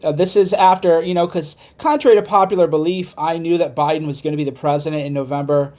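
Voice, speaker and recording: A man ranting as a political commentator, swearing and heated, swinging between loud outbursts and low muttered asides. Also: steady tone, fast. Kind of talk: angry livestream rant.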